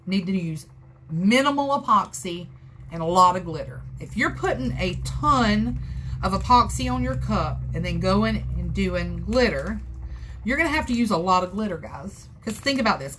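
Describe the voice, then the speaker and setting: A woman with a Southern US accent and a medium-pitched, fairly bright voice talks her way through a live crafting tutorial, with slight background noise. It's casual how-to chat, rambling and folksy, aimed at her viewers.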